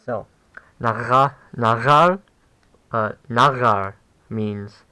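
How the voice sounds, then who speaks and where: Slow, low-voiced young man explaining. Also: steady tone, fairly bright tone, poor audio. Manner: halting, with many fillers and self-corrections. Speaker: language teacher. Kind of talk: casual explainer lesson.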